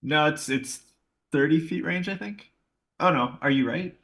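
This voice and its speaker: A man playing in a tabletop game, jokey and quick to correct himself. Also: a little high, a bit bright. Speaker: player. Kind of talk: casual tabletop play.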